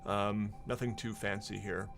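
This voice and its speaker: A man's voice: lowish voice, flat delivery, a little slow, gravelly, a bit bright, soft background music. A man running a tabletop game as game master, narrating in an easygoing, rambling way with many fillers.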